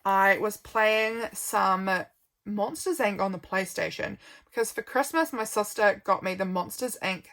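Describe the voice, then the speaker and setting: Chatting through her journal, this young vlogger wanders a little and keeps yawning from tiredness, but stays friendly. She speaks unhurriedly in a mid-range, fairly bright voice.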